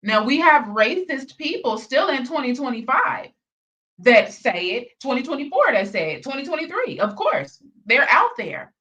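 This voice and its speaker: A woman's voice: sits high, sing-song, moderate pace, sharp tone. A woman hosting a reaction video, challenging and questioning in a repetitive way. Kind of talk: reaction commentary. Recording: dull sound, distant from mic.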